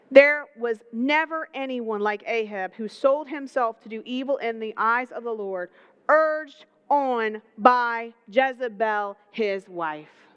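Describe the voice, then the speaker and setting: A woman's voice: a little high, slow pace, a bit bright, clear, resonant tone. A woman teaching a Bible passage in a casual, humorous way with slang asides, in a dull lo-fi recording.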